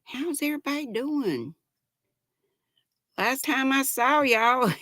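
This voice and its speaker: A woman's voice: fairly high pitch, expressive, slow pace, pauses often, fairly bright tone, dry recording, studio quality. An older woman hosts a casual livestream, reading viewers' chat in a giggly, folksy way. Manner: chatty, giggly, folksy, talks to viewers as "y'all". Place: at home.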